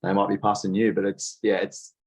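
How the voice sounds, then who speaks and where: A man's voice: fairly low pitch, flat delivery, fairly quick, darkish tone, breathy edge. An Australian man coaching as a guest on a casual podcast over an online call, laid-back and encouraging. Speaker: triathlon coach.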